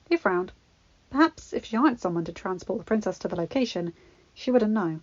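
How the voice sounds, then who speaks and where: A woman reading fan fiction aloud in a steady, expressive storybook narration. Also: a little high, brisk, no room sound, highs cut off.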